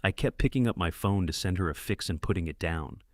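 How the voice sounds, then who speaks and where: A man narrating a first-person story in a measured, plain way. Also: deep voice, lively intonation, no room sound, studio quality.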